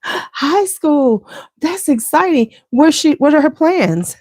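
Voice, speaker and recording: A woman's voice: sits high, animated, slow pace, darkish tone, dry recording. A woman hosting a beauty channel, chatting casually and scattered with viewers and greeting them by name. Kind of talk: casual chat with live viewers.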